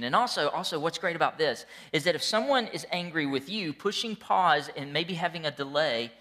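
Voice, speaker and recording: A middle-aged male pastor delivers a sermon in a bright, forceful voice that sits a little high for a man. He tells stories animatedly and jokes with his congregation. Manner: animated, jokey storytelling with the congregation.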